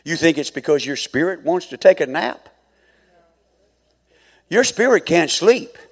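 A middle-aged male pastor preaching a sermon, swinging from hushed asides to fervent shouting. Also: on the high side, expressive, measured pace, big-room sound.

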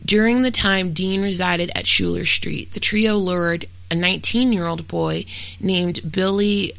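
A true-crime podcast host reads a scripted account in a steady, matter-of-fact way and turns blunt and profane in casual asides. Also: mid-range voice, gravelly, no room sound, low-quality recording.

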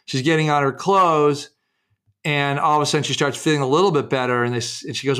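A man's voice: a little high, normal speed, fairly bright tone. A man being interviewed about his research and book, telling case stories with many restarts and fillers and acting out the quotes. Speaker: author and researcher, guest.

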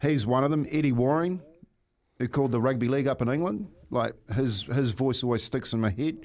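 A man chatting casually on a radio show, rambling and relaxed. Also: mid-range voice, brisk. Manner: rambling, relaxed, says mate and like. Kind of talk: casual storytelling chat.

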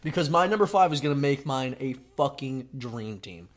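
A man's voice: medium pitch, animated, normal speed. A young man hosting a casual podcast chat, joking, teasing and swearing a lot. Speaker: podcast host.

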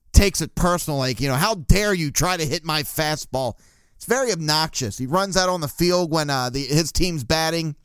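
A man's voice: on the high side, a bit bright, clean tone, no room sound. A man hosting a casual solo sports podcast, ranting bluntly and crudely with frequent laughs. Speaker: podcast host.

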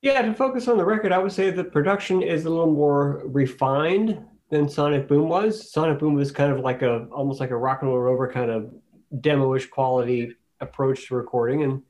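A man talking casually as a podcast co-host, measured as he thinks aloud. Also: on the high side, darkish tone. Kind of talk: casual chat.

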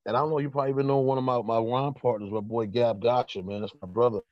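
A man's voice: mid-range voice, fairly even intonation, quick pace, no room sound. A middle-aged man, a guest telling long, rambling stories in casual chat with many fillers. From New York. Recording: dull muffled sound.

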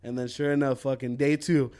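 A young man casually telling a profane, animated work story on a podcast, laughing as he goes. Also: mid-range voice, brisk, very noisy. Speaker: podcast co-host.

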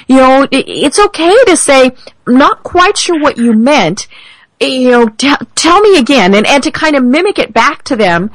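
Lively woman hosting a podcast. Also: high-pitched, normal speed, dry recording, poor audio. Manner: lively, agreeable, frequent affirmations. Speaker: podcast host. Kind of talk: podcast interview conversation.

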